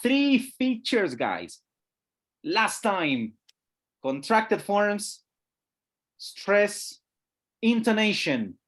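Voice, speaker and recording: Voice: mid-range voice, big pitch swings, extremely slow, pauses often, a bit bright. A teacher trainer leading an online webinar, patiently checking that participants follow. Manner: patient, checks understanding, often says "guys". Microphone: video call.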